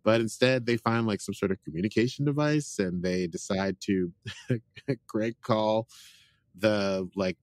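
A man with a fairly low voice talks through a show's plot in a loose, rambling recap, piling up "like" and "uh" as he goes. His voice sits close and dry on a podcast mic, with no room sound around it. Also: moderate pace, no room sound. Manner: rambling, chatty retelling with frequent fillers. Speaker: podcast host. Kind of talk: casual episode recap.

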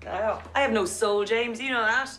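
An actress playing a joking Irish woman who works as an English tutor, talking in quick, self-mocking banter. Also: on the high side, a bit bright, close to an everyday voice. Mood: wry. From Ireland. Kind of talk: comedy drama acting.

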